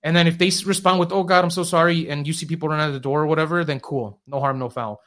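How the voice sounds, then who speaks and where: A man who hosts short-term rentals, rattling off a story at a brisk clip. His voice sits a little high, and he acts out the quoted messages as he goes, with plenty of ums and likes. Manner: fast, animated retelling with filler words and quoted dialogue. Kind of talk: casual storytelling on a podcast.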